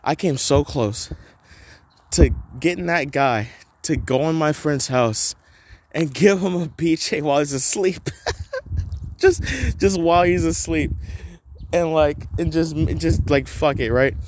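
A man hosting his own podcast, talking straight to listeners in a voice that sits a touch higher than most men's. He rambles, swears casually and leans on filler words as the story unfolds. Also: measured pace, pauses often, a little mellow, a little hiss or hum. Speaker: podcast host.

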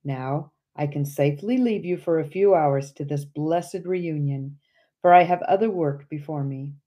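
A woman's voice: sits low, a little slow. A woman reading as a kindly, patient brother. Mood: gentle. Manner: gentle, patient explaining. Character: kindly, calm brother guiding his sister through heaven.

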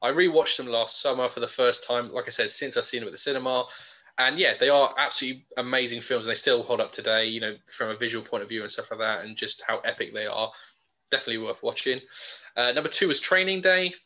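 Enthusiastic man, bright voice. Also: medium pitch, quick pace. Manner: enthusiastic, rambling with fillers. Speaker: podcast co-host. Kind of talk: casual film chat. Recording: dull lo-fi podcast audio.

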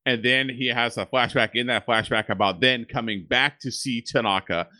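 A man's voice: medium pitch, moderate pace, bright, forceful tone. A man in casual podcast chat about a film, laughing often and acting out lines from it. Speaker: podcast co-host.

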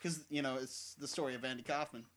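A man's voice: medium pitch, steady tone, fast talker, a bit bright. A young man co-hosting a casual podcast chat, playful and fond of quoting lines. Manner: playful, quotes film lines. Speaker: podcast co-host.

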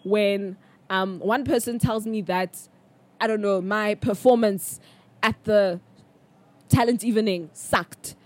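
A young South African woman hosting a podcast, telling a personal story in a chatty, animated way with bursts of laughter. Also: mid-range voice, slow. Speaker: podcast host. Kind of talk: casual storytelling monologue.

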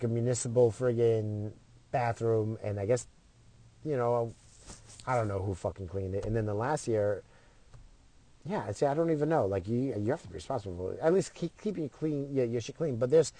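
A man's voice: mid-range voice, normal speed, darkish tone, no room sound. A middle-aged man telling a story in a casual, profane way, acting out what other people said in his own voice.

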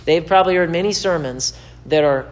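A man's voice: fairly high pitch, a little fast. A man preaching to camera in a sermon-style teaching, emphatic and repetitive, his voice climbing when he presses a point. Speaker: pastor.

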